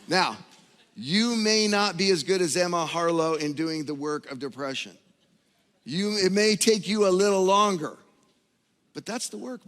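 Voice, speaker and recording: A middle-aged man preaching a sermon and telling a story, shifting between hushed and loud, emphatic delivery. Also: fairly high pitch. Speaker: pastor. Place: large church hall. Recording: long hall reverb.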